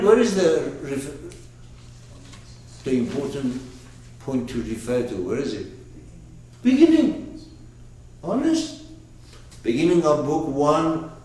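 Male teacher, slow and lively, emphatic with restarts, heard from a distance in a very echoey room. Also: a little high. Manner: emphatic, animated, with frequent restarts and repeats. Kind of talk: lecture on a classic poet's book.

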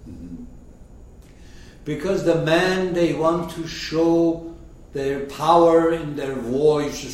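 A man explaining a story in a slow, very lively lecture voice, often checking in with his listeners. He is recorded from a distance in a strongly echoing room, with faint background noise. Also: fairly high pitch. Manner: rhetorical questions, checking in with listeners. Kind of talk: lecture commentary. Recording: echoey room, mic far off.

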